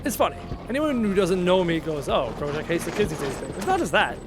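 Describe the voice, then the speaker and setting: A man's voice: high voice, big pitch swings, fairly quick, music in the background. A man gaming at home and talking to his viewers, ranting in a blunt, opinionated way and repeating his key points for emphasis. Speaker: gaming YouTuber and streamer. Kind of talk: casual rant while playing a game.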